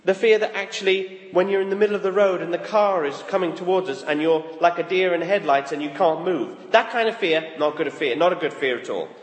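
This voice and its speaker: A man preaches in a high, very animated voice, swooping up and down as he talks plainly with his congregation. His words ring out with the long reverb of a large church hall. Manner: lively, conversational, acts out quoted thoughts. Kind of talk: sermon.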